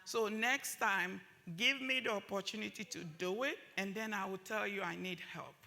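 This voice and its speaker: A woman's voice: mid-range voice, fairly even intonation, moderate pace, vocal fry, background noise. A woman giving an impassioned talk at a summit, driving points home by repeating phrases. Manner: emphatic, repeats phrases for force. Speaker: summit speaker.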